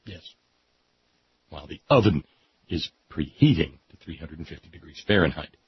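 A man reading aloud with sardonic, deadpan asides. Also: very deep voice, moderate pace, slightly rough, no room sound. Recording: dull lo-fi recording.

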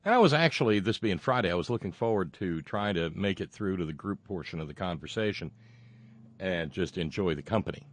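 A man hosting a podcast alone, rambling and halting through sardonic remarks. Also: low voice, animated. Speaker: podcast host. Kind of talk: casual solo podcast monologue.

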